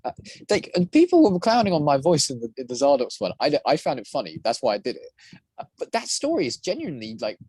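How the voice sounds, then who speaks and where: A man's voice: mid-range voice, wildly swooping pitch, quick pace, darkish tone, slightly rough, no room sound. A man speaking as a guest voice actor and prop maker in casual podcast chat, rambling with many restarts.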